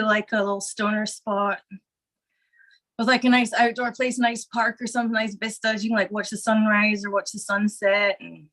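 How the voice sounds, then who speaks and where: A stoned woman with a Scottish accent softened by American influence, talking casually as a podcast guest. She rambles and drifts between thoughts with lots of "like" and "um", at an ordinary middle pitch. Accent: Scottish, partly Americanized. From Scotland. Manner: rambling, relaxed, filler-heavy.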